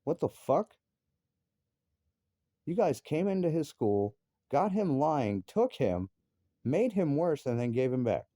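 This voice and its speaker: Furious dad cussing up a storm, deep dark voice that swoops way up when he yells. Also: big pitch swings, unhurried, dry recording, studio quality. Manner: angry, profane, voice rising sharply into outbursts. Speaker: father. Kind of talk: heated personal rant.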